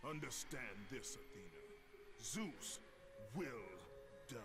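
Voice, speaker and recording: A furious Spartan warrior from a video game speaks with cold, harsh contempt. Every word comes slow and heavy, and the pitch swings hard between lines. A loud game score plays behind him. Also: male voice, very animated, over music. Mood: menacing.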